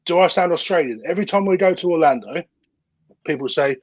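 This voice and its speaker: A British man chats as a podcast guest and restarts his sentences often. His voice sits a little high and slightly husky. The sound is dull and dry, like a muffled call. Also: expressive, fast, dry recording. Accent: British English. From United Kingdom. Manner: chatty, repeats words when starting sentences. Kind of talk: casual chat.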